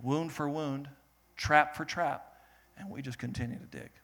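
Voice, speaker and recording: A young man preaching a sermon, animated and laughing, rising to loud peaks and dropping to a soft, earnest tone. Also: a little high, measured pace. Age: young adult. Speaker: pastor.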